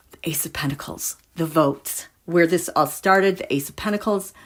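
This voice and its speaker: A woman's voice: sits low, moderate pace. A woman giving a casual tarot reading to her viewers, musing and dramatic as she talks through the cards. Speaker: tarot reader.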